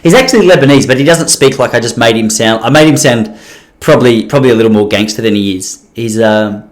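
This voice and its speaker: A man's voice: medium pitch, quick pace. A man hosting a solo podcast, rambling and self-deprecating, with many restarts. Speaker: podcast host.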